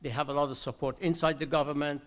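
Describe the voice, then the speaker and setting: A man's voice: on the high side, steady tone, quick pace. An older man from Iran giving a conference talk, hesitant with many filler sounds and restarts. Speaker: conference discussant.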